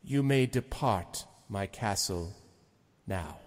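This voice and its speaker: A man voicing an ancient, proud male lord who speaks slowly and gravely in a tabletop game. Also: on the low side, expressive, long reverb tail. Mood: stern. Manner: slow, deliberate, grave speech.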